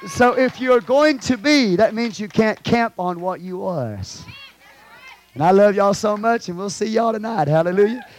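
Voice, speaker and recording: A fervent pastor preaching to his congregation in a church. His voice sits fairly high for a man and swings wide, from hushed, intimate prayer to ringing exhortation. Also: moderate pace. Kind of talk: sermon. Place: church sanctuary.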